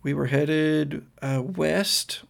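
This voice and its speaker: A man with a gravelly voice voicing a confused, teary young woman who stammers and trails off. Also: on the high side, very slow, exaggerated voice.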